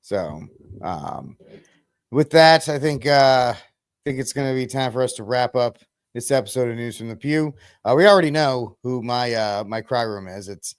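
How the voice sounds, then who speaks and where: A man hosting a podcast, joking in casual chat with loud bursts and halting fillers. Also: mid-range voice, animated, clean tone. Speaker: podcast host.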